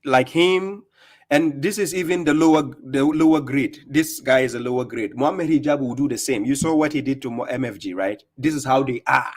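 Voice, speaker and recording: A man's voice: medium pitch, fairly quick. A man with a Ghanaian accent hosting a live debate stream with callers, taunting and laughing often. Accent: Ghanaian English.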